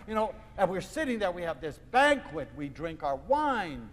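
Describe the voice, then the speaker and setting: Animated, theatrical male storyteller. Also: sits high, normal speed, hardly any pauses, big-room sound, a little hiss or hum. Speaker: lecturer on love. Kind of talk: storytelling lecture to an audience.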